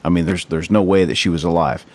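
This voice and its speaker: A man chatting casually in a relaxed way, reacting with short remarks. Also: low-pitched, fast talker. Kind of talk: casual chat.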